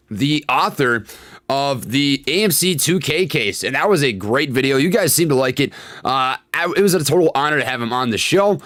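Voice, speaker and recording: A man's voice: medium pitch, fairly bright tone, no echo. A young man hosts a casual stock-trading livestream with hyped, slangy energy, tossing out catchphrases and greeting chatters by name. His voice sits in an ordinary middle register. He is recorded close on a desk microphone in a dry room at home. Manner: hyped, slangy, catchphrase-heavy, reads chat aloud. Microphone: desk condenser microphone.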